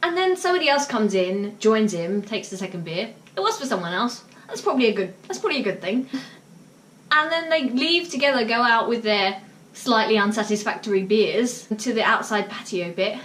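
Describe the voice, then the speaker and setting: A woman's voice: fairly high pitch, lively intonation, fairly quick, a bit bright. A woman telling a casual story to camera, chatty, with lots of fillers. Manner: chatty, with many fillers and bursts of laughter. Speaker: vlogger. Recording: roomy, mic at a distance, faint noise.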